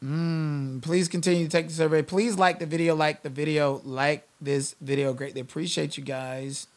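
A man's voice: fairly high pitch, level tone, moderate pace. A man hosting a live-stream commentary channel, ranting in a blunt, sassy, emphatic way.

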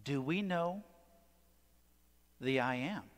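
Slow-preaching man in a reverberant church. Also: on the high side, lively intonation. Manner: questions the congregation, dramatic pauses. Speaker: pastor. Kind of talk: sermon. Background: church sanctuary.

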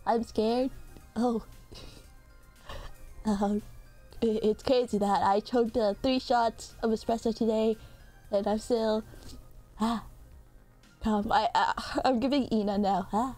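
A woman's voice: on the high side, fairly even intonation, takes it slowly, pauses often, warm tone, faint music behind. A woman streamer in casual livestream chat, playful and rambling, often correcting herself mid-sentence.

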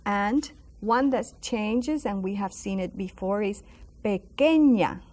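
A woman's voice: mid-range voice, darkish tone. A woman teaching a lesson on a school broadcast, drilling words with patient, encouraging repetition. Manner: slow, patient drilling with sung-out repeated words; encouraging, praises the viewers. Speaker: Spanish teacher. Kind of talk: classroom language lesson.

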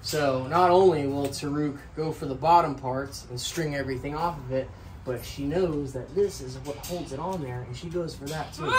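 A man's voice: medium pitch, very noisy. A man chatting casually in a vlog, talking playfully to his pet birds in an outdoor enclosure. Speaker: bird owner and channel host.

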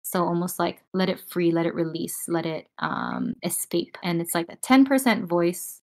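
A woman guiding listeners through a breathing and voice exercise on a video call, talking casually and calmly with many filler words. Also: on the low side, moderate pace, vocal fry. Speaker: breathwork and voice teacher. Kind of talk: guided breathing lesson on a group call. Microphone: video call with noise cancelling.

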